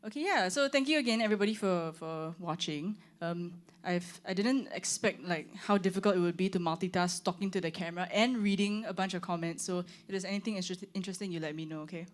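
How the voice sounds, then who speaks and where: A woman's voice: lowish voice, quick pace, hardly any pauses. A young woman, a singer chatting casually on a livestream, rambling with lots of "like" and "um". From Singapore. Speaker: singer hosting her own launch stream. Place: room with her band.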